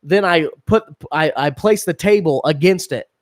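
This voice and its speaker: A man's voice: on the high side, moderate pace, no room sound. A man in his thirties co-hosting a podcast, telling crude stories with lots of swearing and laughter. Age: 30s. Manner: profane, laughing, animated storytelling. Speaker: podcast co-host. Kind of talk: crude casual banter.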